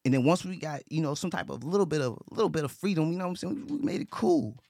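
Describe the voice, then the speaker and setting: Gravelly man talking earnestly, dry room. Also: on the high side, very animated, fast talker, a little mellow, no room sound. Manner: earnest, repetitive, with frequent restarts and profanity. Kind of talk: casual talk.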